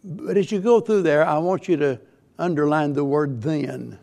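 A man's voice: on the high side, normal speed, warm tone. A man preaching a church sermon with earnest, repetitive phrasing and frequent restarts. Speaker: pastor.

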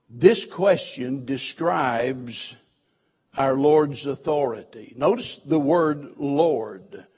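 A man preaching a sermon as pastor, slow and deliberate, drawing out words for emphasis. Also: mid-range voice, darkish tone, husky.

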